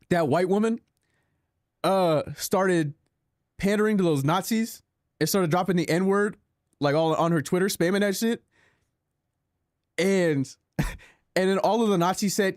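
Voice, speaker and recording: Young male streamer, fairly high voice, dry close sound; sarcastic, rambling self-deprecation. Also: animated, moderate pace, a little mellow, no room sound. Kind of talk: casual live-stream chat while gaming.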